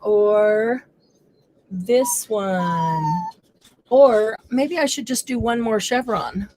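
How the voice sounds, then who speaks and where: A woman's voice: a little high, very slow, darkish tone. A woman hosting a live crafting stream, chatting casually as she works. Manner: chatty, coos baby talk to her dog. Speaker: crafting show host.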